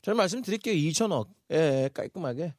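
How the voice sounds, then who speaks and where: A man co-hosting a radio show, talking in a rapid, upbeat, announcer-like manner. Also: a little high, lively intonation, darkish tone, no echo, studio quality. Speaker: radio co-host. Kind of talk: bilingual radio chat.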